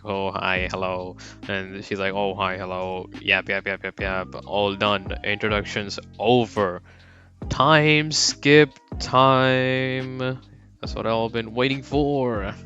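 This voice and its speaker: A man's voice: on the low side, a bit bright, highs cut off. A young man casually narrating a fan story, slangy and rambling.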